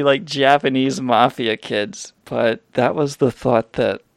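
A man's voice: mid-range voice, steady tone, unhurried, gravelly, no echo. Man, rambling casual storyteller, heavy swearing, dry close sound. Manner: rambling, swears often, restarts a lot. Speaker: streamer telling a story.

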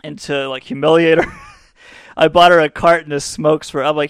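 A young adult man hosts a podcast, spinning long, crude, self-mocking anecdotes in a loose, rambling way. His voice sits a little high and rings smooth and resonant. The sound is close and dry. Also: fairly even intonation, brisk, dry recording. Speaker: podcast host. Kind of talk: casual comedic storytelling.

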